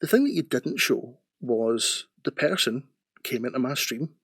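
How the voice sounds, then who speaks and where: A man's voice: medium pitch, expressive, a little slow, a bit bright, slightly rough, dry recording. Defensive man, dry sound. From Scotland. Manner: defensive, justifying himself. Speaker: streamer in a response video. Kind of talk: defensive explanation.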